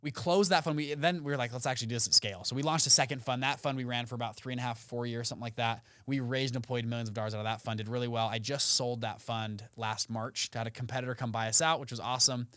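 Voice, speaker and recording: A man in his twenties, a podcast guest telling his story with animated, acted-out quotes. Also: medium pitch, fast, hardly any pauses, dry recording. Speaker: podcast guest, fund founder. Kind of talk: casual storytelling interview.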